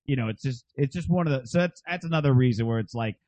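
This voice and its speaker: A man hosting a casual comedy podcast, talking in an animated, jokey way. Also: mid-range voice, fast talker, dry recording. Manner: animated, jokey, breaks into silly accents. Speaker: podcast host.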